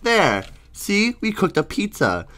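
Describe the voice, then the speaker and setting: A deadpan, callous cook lady, played by a woman, low and unbothered, speaking slowly while the voice stays bright in tone. Nothing rattles her, and she says everything flatly. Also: exaggerated voice. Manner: flat, unbothered, low delivery. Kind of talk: voicing characters while playing a game.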